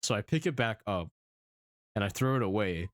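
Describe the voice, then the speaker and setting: A young man streamer telling a story in casual chat, animated, swearing often and laughing as he goes. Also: fairly low pitch, normal speed, dry recording.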